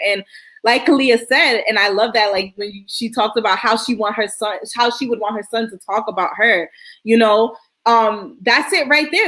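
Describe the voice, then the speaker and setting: A woman's voice: fairly high pitch, fairly bright tone. A woman speaking earnestly and reflectively on a casual panel discussion, with frequent "like" and "you know". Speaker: panel host.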